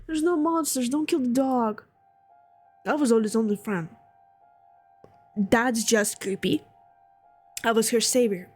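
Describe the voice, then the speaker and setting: A woman's voice: on the high side, takes it slowly, long pauses, soft background music. Chatty young woman streamer. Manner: chatty, excitable, talks back to the game. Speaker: gamer streamer. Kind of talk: let's play, reading dialogue aloud.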